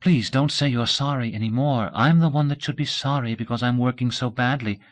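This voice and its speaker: A man reading a novel aloud, voicing a patient female speech teacher in a brisk, coaxing way. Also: mid-range voice, lightly acted. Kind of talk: audiobook character voice.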